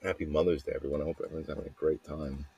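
A man's voice: extremely low pitch, level tone, rapid-fire, warm tone, husky, no room sound, dull audio. A man hosting a podcast, rambling through a personal monologue with frequent swearing and flashes of anger. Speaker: podcast host.

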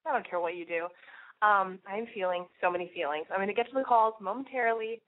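A woman's voice: medium pitch, fast, a little hiss or hum. A young woman hosting a call-in podcast, rambling in a brash, profane way, sniffly and nasal from a cold. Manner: crude, rambling, lots of "like" and swearing. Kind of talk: brash confessional monologue. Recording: tinny phone-like audio.

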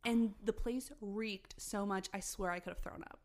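A young woman on a podcast telling a story in casual chat, animated, swearing freely and laughing as she goes. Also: medium pitch, normal speed. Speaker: podcast co-host.

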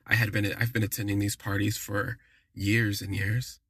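A man's voice: fairly low pitch, flat delivery, moderate pace, a bit bright, slightly rough, dry recording. A man doing an easygoing worldly party regular. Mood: casual.

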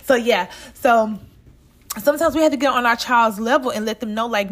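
A woman's voice: a little high, fairly quick. A woman from the States, hosting a casual podcast monologue and talking straight to her listeners. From Southern United States. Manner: chatty and direct, talks straight to listeners as "y'all". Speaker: podcast host.

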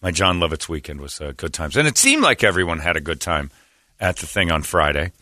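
A man on a radio show relates a story in a loose, lively way, imitating the voices of those involved. His voice is low and a little fast, captured at studio quality with no room sound.

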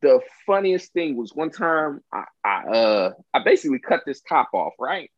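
A man's voice: on the high side, very animated, moderate pace, dry recording, dull audio. A man co-hosting a casual chat, telling stories with acted-out quotes, swearing freely and laughing often. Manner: storytelling, acts out quotes, profane, laughs a lot.

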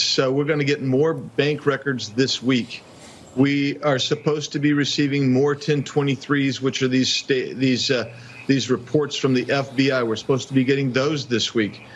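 A man's voice: medium pitch, slight background noise. A congressman speaking matter-of-factly in an interview clip, with a few stumbles. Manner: matter-of-fact, some stumbles. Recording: dull lo-fi clip audio.

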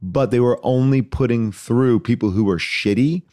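A man telling a story as a podcast guest, animated and rambling, acting out voices as he goes. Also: medium pitch, moderate pace, no echo, studio quality. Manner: animated, acts out voices in his anecdotes; loose and rambling, many fillers and restarts. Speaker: podcast guest, actor and comedian. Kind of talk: casual storytelling chat.

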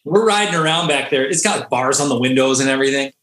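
A man who is a Navy diver, a podcast guest telling a story in a casual, animated way and often laughing. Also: medium pitch, fast talker. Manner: animated, laughing, acts out quotes. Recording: echoey room.

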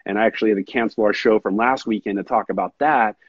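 Man, husky voice, rambling earnest podcast chat, dull dry lo-fi sound. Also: lowish voice, fairly even intonation, quick pace, no room sound. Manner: rambling, earnest, says dude a lot. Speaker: podcast host. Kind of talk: casual chat.

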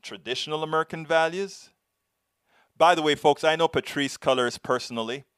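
A man with a foreign accent hosting a show, telling a story in earnest, halting commentary. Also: a little high, a bit bright, clean tone, no echo, clean studio sound. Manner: earnest, halting, many restarts. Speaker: show host answering viewer questions.

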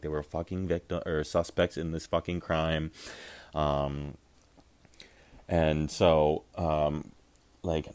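Very deep-voiced young man telling a story. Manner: animated, acts out quotes, lots of fillers and swearing. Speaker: podcast co-host. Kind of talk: casual storytelling.

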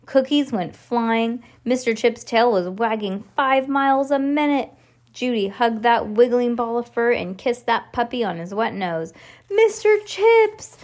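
A woman reads a children's storybook aloud in a lively, animated way. Her voice is a little higher than most, and she stops now and then to fix a word. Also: unhurried. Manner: animated, stops to correct herself. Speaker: reader. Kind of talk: reading a children's book aloud.

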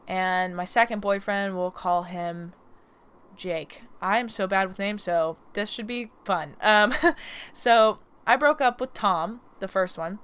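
This podcast host is a young woman whose clean, fairly bright voice sits in the mid range. She rambles cheerfully through casual stories, laughing a lot, with a slight lisp from her retainer.

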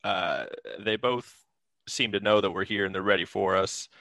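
A man voicing a cunning adventurer scout who quietly lays out a plan. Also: sits low, normal speed, no room sound. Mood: scheming. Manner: hushed, strategic, matter-of-fact. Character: cunning male adventurer scout, calm planner. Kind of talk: tabletop game character voice.

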